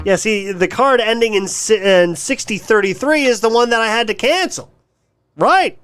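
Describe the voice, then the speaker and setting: A man's voice: high voice, expressive, normal speed, over music. A man hosting a livestream, ranting casually in a mocking, crude way and swearing often. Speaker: livestream host.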